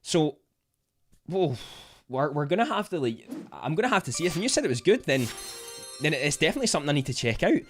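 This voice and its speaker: Young Scottish male livestream host, casual and chatty, voice on the higher side, prone to excited outbursts. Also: quick pace, soft background music. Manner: chatty, reads viewer comments, bursts of excitement.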